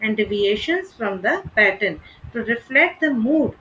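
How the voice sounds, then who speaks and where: A woman reading a scripted literature lesson in a measured, deliberate way. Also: a little high, expressive, sharp tone, muffled recording, slight background noise. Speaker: literature teacher.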